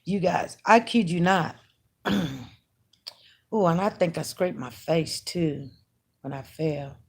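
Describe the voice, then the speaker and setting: A woman's voice: fairly low pitch, takes it slowly, breathy edge. A woman who runs an online news channel, chatting emphatically and casually to her viewers as she tells a story. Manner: chatty, emphatic, talks straight to her audience.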